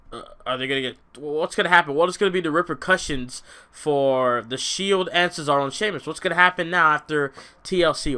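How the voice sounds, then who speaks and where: A man casually reviewing a wrestling show on his own vlog, excitable and rambling, often restarting his sentences. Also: fairly high pitch, clean tone.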